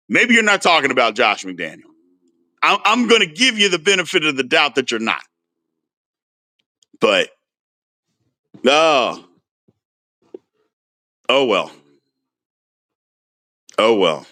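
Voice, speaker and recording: Male sports-stream host with a bright voice, loose and animated, replying to viewers. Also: mid-range voice, slow pace, long pauses. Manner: animated, answers viewer comments by name. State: frustrated. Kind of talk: casual livestream chat.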